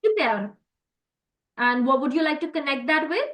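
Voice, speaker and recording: A woman's voice: sits high, animated, moderate pace, fairly bright tone, rough recording. A woman teaching French in an online class, explaining step by step with many fillers and lots of encouragement.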